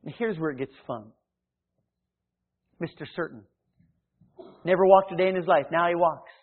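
A man preaching a sermon, reading scripture and telling a Bible story with animated acted voices. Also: fairly high pitch, normal speed. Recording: tinny phone-like sound.

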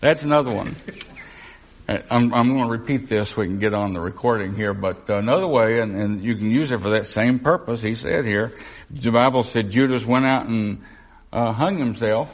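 A man's voice: medium pitch, normal speed. A man preaching a conversational Bible lesson, folksy, repeating himself and asking the room questions. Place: church or Bible class. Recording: dull lo-fi recording.

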